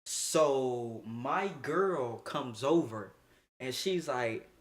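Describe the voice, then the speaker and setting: A young man streaming a casual storytime, slangy and animated, laughing often as he talks. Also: medium pitch, extremely slow.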